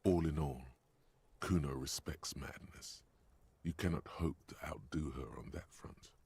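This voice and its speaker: A man voicing the inner voice of a game hero's mind, speaking in measured second-person advice and warnings. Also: very deep voice, vocal fry, darkish tone, breathy edge, full character voice. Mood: ominous advising.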